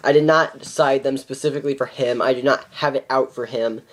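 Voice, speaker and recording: A man's voice: medium pitch, steady tone, fairly quick. A seventeen-year-old boy ranting in a casual vlog, exasperated and repeating how ridiculous things are. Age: teens. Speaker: card game vlogger.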